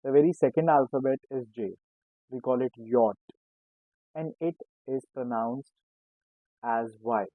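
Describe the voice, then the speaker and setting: A man teaching a beginner language lesson, speaking slowly and explaining patiently while repeating each example word. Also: medium pitch, dry recording. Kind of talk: casual spoken lesson. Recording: tinny phone-like sound, dry.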